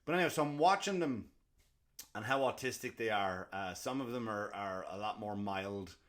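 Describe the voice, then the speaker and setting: A young man hosting a comedy podcast, ranting in a rambling, profane, animated way, full of restarts and put-on quotes. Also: fairly low pitch, normal speed.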